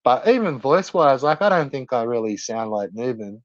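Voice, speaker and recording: A man's voice: medium pitch, very animated, normal speed, no echo, highs cut off. A man with an Australian accent, a streamer in brash, profane casual chat with viewers.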